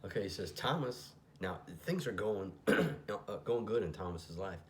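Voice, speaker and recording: Deep-voiced man explaining song lyrics. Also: animated, unhurried, soft background music. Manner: reads lyrics aloud then explains them, often drops to a whisper. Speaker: music reaction commentator. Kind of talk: casual commentary on a song. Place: home room.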